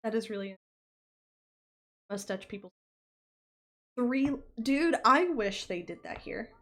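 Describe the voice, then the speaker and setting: A woman's voice: a little high, slow pace, fairly bright tone. A young American woman with a light Southern accent, chatting casually with her viewers on a livestream in a rambling way full of fillers. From United States.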